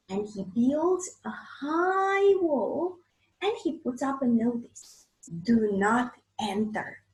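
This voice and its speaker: A woman with a Romanian accent, an English teacher, reading a storybook aloud to children in a slow, clear way. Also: high-pitched, a little mellow. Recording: echoey room.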